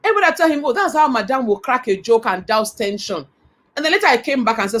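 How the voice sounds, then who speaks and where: A middle-aged woman with a Nigerian accent delivers a motivational talk. Her voice sits a little high. She tells her stories with animation and earnest conviction. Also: expressive, quick pace. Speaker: motivational speaker.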